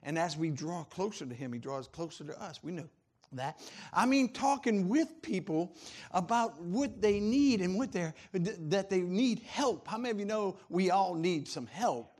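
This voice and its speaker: A man delivers a sermon in a high-pitched voice. He preaches with animated energy, laughing often and moving between loud calls and quiet asides. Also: moderate pace. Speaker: pastor.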